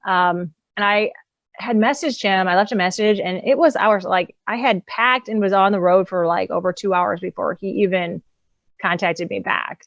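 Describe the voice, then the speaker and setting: A woman's voice: medium pitch, fairly even intonation, normal speed, no room sound, muffled recording. A woman, an empowerment coach and author, telling her personal story as a guest in a casual, candid way, often laughing between thoughts.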